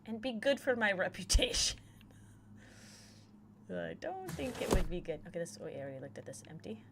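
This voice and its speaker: A young woman streaming a horror game, whispering game text softly and then chatting loudly and excitedly. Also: lowish voice, brisk, very noisy. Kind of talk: live gameplay commentary.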